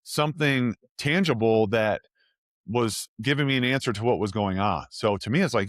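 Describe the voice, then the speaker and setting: A man's voice: on the low side, normal speed, no room sound, clean studio sound. A man in his forties, a guest, telling his story in a casual interview and acting out the voices he quotes. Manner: animated storyteller who acts out quoted voices. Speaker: guest, former NFL offensive lineman.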